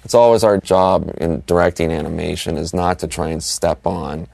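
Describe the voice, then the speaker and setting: A man, an animation director, recalling the work in a relaxed, reflective interview, often saying "you know". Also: sits low, normal speed, creaky, no room sound. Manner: relaxed, reflective, filler-heavy. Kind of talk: interview recollection.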